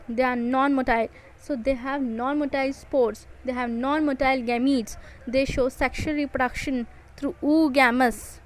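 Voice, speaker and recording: A woman's voice: sits high, rough recording. A woman with an Indian English accent giving an exam-prep biology lecture, repeating and stressing key points. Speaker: biology teacher.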